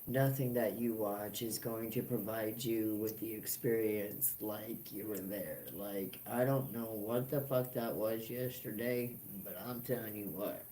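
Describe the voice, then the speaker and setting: A woman hosting a casual inspirational vlog, telling a story slowly with plenty of swearing and laughter. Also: very deep voice, fairly even intonation, dark tone, a little hiss or hum. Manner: slow, profane, laughing storytelling. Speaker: host. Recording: roomy echo with faint ambience.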